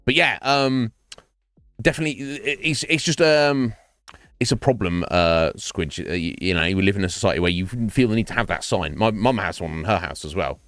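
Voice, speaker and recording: A man's voice: lowish voice, normal speed, a bit bright, dry recording. A man in his forties, a streamer chatting casually while gaming, rambling and sweary with self-mocking asides. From England. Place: home streaming setup. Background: faint game music.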